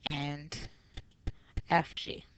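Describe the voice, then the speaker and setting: A woman's voice: low voice, little pitch movement, very slow, a little hiss or hum. A woman math teacher walking through a geometry review step by step, patient and explanatory. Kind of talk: recorded geometry review lesson.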